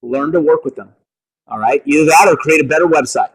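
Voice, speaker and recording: A man leading a meeting for real estate agents, coaching them in an energetic way and often checking in with the room. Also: a little high, brisk, slightly rough, low-quality recording. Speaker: meeting leader at a realty office.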